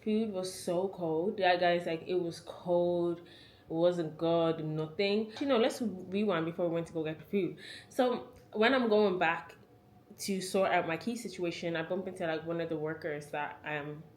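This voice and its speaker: A woman's voice: lowish voice, normal speed, a little mellow. A woman in her twenties with an Irish accent, telling a chatty travel story to camera, full of "like" fillers. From Ireland. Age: 20s. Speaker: travel vlogger.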